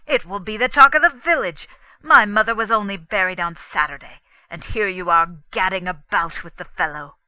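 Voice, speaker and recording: A woman voicing an angry young Englishman who speaks loudly and indignantly to his wife. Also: mid-range voice, slow pace, hardly any pauses, no room sound, poor audio. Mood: furious. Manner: loud, indignant, shouting.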